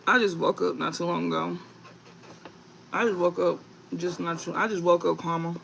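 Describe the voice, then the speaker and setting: A young man hosting a live tarot reading stream, talking in a calm, low-key, casual way with slang. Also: moderate pace, vocal fry, slight background noise, poor audio.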